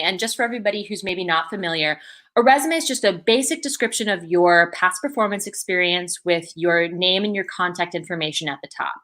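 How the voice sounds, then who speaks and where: A woman's voice: on the low side, a bit bright. A woman, an associate director, chatting casually in an online video, with many fillers and laughs. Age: adult.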